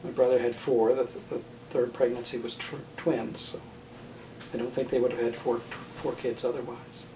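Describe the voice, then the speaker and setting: An older man being interviewed about his family's views on marriage and children, speaking thoughtfully with frequent pauses, fillers and restarts. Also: mid-range voice, little pitch movement. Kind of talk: oral history interview. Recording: roomy, distant mic with faint noise.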